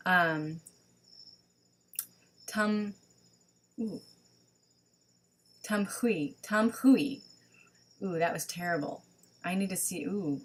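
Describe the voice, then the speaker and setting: A woman leading an online spiritual gathering over a webcam, talking casually and thinking aloud with many pauses and ums. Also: lowish voice, a bit bright. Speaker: online service leader. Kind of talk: online livestream teaching.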